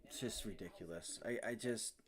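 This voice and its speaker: A man's voice: lowish voice, moderate pace. A young man on a live day-trading stream, talking bluntly and swearing heavily as he follows his trades. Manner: blunt, heavily profane venting.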